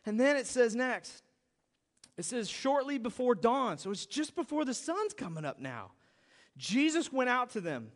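Male pastor, very high voice, conversational sermon, reverberant church hall. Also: moderate pace. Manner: storytelling, animated, conversational.

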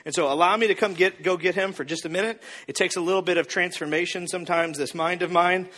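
Playful preacher guy, high voice, echoey big hall. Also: steady tone, fast talker, fairly bright tone. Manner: upbeat, playful, addresses the audience directly. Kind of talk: sermon. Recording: reverberant hall.

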